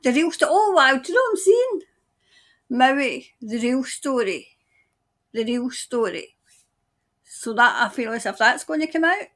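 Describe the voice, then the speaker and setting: A woman giving a tarot-style psychic reading, musing aloud in a halting way as she trails off and starts her sentences over. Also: high voice, big pitch swings, a bit bright. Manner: speaks of seeing and hearing things. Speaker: tarot reader. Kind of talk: intuitive psychic reading monologue.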